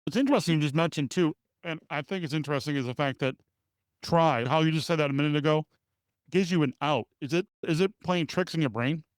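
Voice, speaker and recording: A man's voice: fairly high pitch, fast, dry recording. A man hosting a podcast interview, asking brief, curious questions. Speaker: podcast host.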